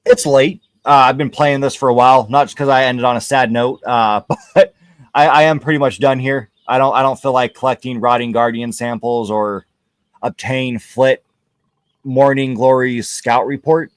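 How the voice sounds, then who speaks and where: A man's voice: medium pitch, fairly even intonation, moderate pace, dry recording. A man hosting a casual gaming livestream, talking candidly and rambling with many hesitations and restarts. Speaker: livestream gamer host. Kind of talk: casual chat while gaming.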